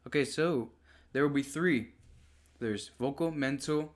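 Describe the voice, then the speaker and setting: A man's voice: medium pitch, measured pace. Young man reading and stumbling. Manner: stumbling, self-correcting, conversational. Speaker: podcast co-host. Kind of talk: reading and discussing a text.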